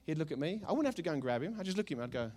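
Fast-talking, lively male preacher. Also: a little high. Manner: storytelling, humorous, emphatic. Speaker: pastor. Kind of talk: sermon.

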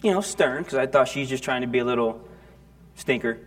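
A man's voice: medium pitch, steady tone, fairly bright tone. A man preaching a sermon in church, talking casually with frequent restarts and questions to the congregation. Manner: conversational, halting with restarts, asks the congregation questions. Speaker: pastor. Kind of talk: sermon with storytelling.

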